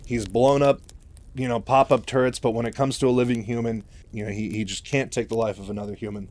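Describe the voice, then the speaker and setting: A man's voice: medium pitch, level tone, fast talker, a little mellow. A man casually retelling a novel's plot in a chatty, loose way, full of fillers. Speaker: story retelling host.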